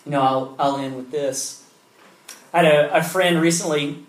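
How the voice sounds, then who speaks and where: Casual, chatty preacher in an echoey room. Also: male voice, fairly high pitch, fairly even intonation, normal speed. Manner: conversational storytelling, many "like" fillers, quiet prayer. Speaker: pastor. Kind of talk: sermon.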